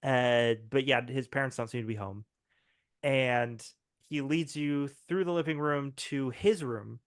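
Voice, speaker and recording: A man's voice: medium pitch, unhurried. A man narrating a tabletop game as game master, loose and full of laughs and fillers.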